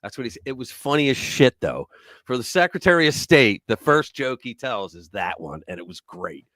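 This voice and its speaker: A man hosting a live commentary stream, talking in a lively way that swings up and down. His voice is bright and forward, and it sounds dry, with no room echo. He jokes and reads news items aloud in a casual chat. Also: medium pitch, normal speed. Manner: animated, joking, reads articles aloud.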